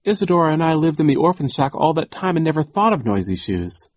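Storybook boy, keen and chatty, a touch high, played by a male reader. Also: big pitch swings, fast talker. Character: boy orphan, eager note-taker.

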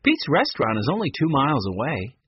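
A man voicing a calm, teasing teenage boy, the oldest brother. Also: mid-range voice, fairly quick, breathy edge, dry recording, lo-fi sound. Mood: easygoing. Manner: easygoing, teasing.

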